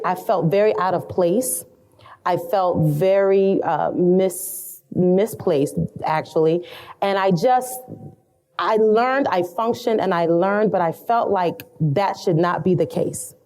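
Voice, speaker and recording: Speaking in a mellow voice that sits on the low side, a middle-aged salon educator shares reflective, earnest thoughts as a podcast guest. She builds each point through repeated phrases in this storytelling interview.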